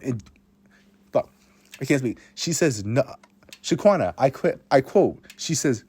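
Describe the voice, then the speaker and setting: A teenage boy rambles through a story about his own life, swearing freely and mocking himself as he goes. His pitch swings widely up and down, and his voice has a husky edge. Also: animated, measured pace, darkish tone, no room sound. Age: teens. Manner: rambling, self-mocking, swears a lot, many restarts. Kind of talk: casual storytime monologue.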